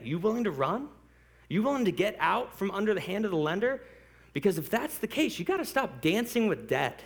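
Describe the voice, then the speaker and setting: Lively high-voiced joking male pastor. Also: fairly quick. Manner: animated and joking, laughs often; conversational, addresses the congregation directly. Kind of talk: sermon.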